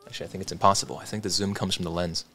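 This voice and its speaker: A man hosting a casual livestream, reading viewer comments aloud in a relaxed, chatty way and adding quick asides. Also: low voice, soft background music. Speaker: livestream host.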